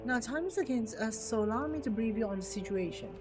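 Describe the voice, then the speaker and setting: A man's voice: very high voice, expressive, quick pace. A man voicing an earnest young woman resistance soldier from a game, reading her formal, old-fashioned lines aloud with game music behind. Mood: urgent.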